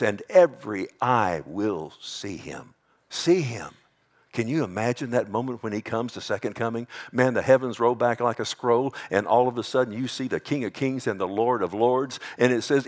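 A middle-aged man, a pastor, preaching a sermon with animated delivery, mimicking mockers in a higher voice and dropping to quiet warnings. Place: church sanctuary.

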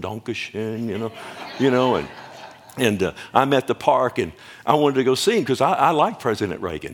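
An older male preacher delivering a sermon in a plain, folksy manner. His voice sits at a middle pitch, and he leans hard on key words while constantly checking in with his listeners. He talks as if to people seated in front of him in a church. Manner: folksy, emphatic, asks the audience questions. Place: church or stage before a congregation.

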